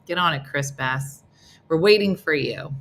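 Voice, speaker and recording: Unhurried and a bit bright, a middle-aged host's voice leads a casual live morning chat. She stays playful and teasing with her viewers, suddenly using high, silly voices for other people.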